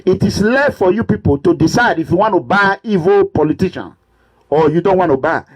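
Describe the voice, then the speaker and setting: Nigerian guy with a high voice going off on politics, preachy, repeats himself, gets shouty. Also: expressive, brisk, slightly rough. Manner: preachy and repetitive, swings into shouting. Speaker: political commentator. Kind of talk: impassioned political monologue.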